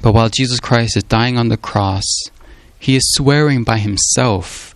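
A man delivers a sermon in an earnest, emphatic manner at an even middle pitch. He circles back on his words and keeps slipping in "you know" as he explains. The recording is dry, with no room echo. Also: normal speed. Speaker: preacher. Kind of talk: sermon on a Gospel passage.

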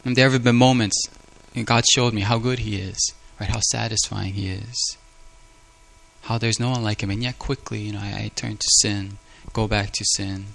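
A man's voice: lowish voice, steady tone, normal speed, gravelly, a bit bright. A man preaching a sermon in an earnest, confessional way, often repeating words as he speaks. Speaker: pastor.

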